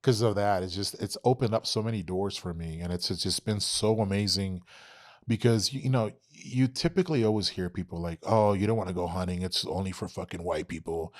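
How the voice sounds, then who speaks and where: Here a young man from Texas, deep-voiced and brisk, trades stories as a guest in a laid-back podcast interview. His storytelling is animated and profane, and he acts out every bit of quoted dialogue.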